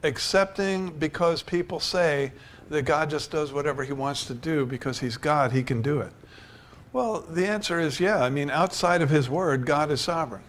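A man's voice: fairly high pitch, moderate pace, a bit bright, a little hiss or hum. Older man preaching with rising fervor. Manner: storytelling, rising to emphatic preaching. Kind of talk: sermon.

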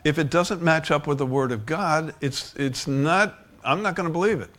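A man's voice: on the high side, a bit bright. A male pastor preaching a sermon in a conversational way, often restarting sentences and chuckling.

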